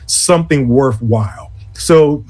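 A man who directs an advocacy conference, talking in an interview in a deliberate, earnest way and often restarting his phrases. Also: mid-range voice, a little mellow, breathy edge, faint music behind. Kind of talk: interview conversation.

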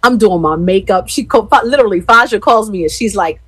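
A woman in her fifties from Philadelphia, chatting casually with her live-stream viewers as an animated, expressive storyteller. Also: medium pitch, a little fast, breathy edge, no room sound, poor audio. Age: 50s.

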